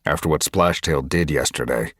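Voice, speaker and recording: A man's voice: very deep voice, moderate pace, a bit bright, dry recording, studio quality. A man voicing a firm, determined male cat who leads his clan, in an audiobook. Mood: insistent. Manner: firm, insistent. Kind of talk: audiobook character voice.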